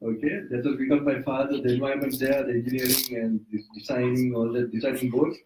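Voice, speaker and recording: The room sounds roomy and the background noisy as this Sri Lankan Buddhist teacher, recorded from a distance, talks fast in a level, medium-pitched voice. It's an informal dharma talk in a private residence, full of self-corrections and frequent chuckles.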